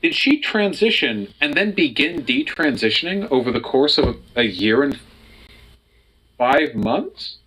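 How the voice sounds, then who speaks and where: A man's voice: fairly high pitch, very animated, unhurried, pushed and bright, slight background noise, poor audio. A man co-hosting a casual reaction commentary, sarcastic and incredulous. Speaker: co-host reacting to videos.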